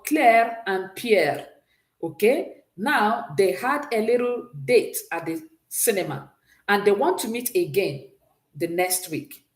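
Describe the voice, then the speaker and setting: A woman teaches a French exam-prep lesson with a mid-range voice, asking students to repeat words after her and praising each answer. She talks in a roomy, echoing space. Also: medium pitch. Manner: patient, praises often, drills pronunciation with repeat-after-me prompts.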